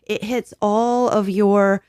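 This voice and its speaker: A woman's voice: mid-range voice, fairly even intonation, slow pace, darkish tone, clear, resonant tone, no room sound. A middle-aged woman talking frankly as a podcast guest in a studio, blunt and sprinkling "like" everywhere. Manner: blunt, profane, peppered with "like". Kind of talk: frank casual chat.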